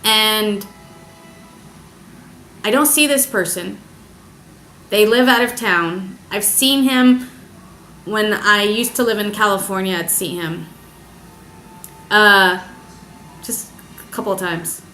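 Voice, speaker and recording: Emotional young woman vlogging, talks slow and halting, bright voice. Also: mid-range voice, soft background music. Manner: halting, hesitant, searching for words. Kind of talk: confessional personal story. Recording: echoey room.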